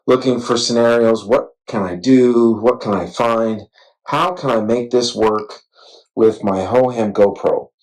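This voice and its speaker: Chatty man with a lowish voice. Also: unhurried, low-quality recording. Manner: chatty, self-deprecating, excitable retelling. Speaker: vlogger reviewing camera gear. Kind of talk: casual gear vlog. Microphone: wireless clip-on mic.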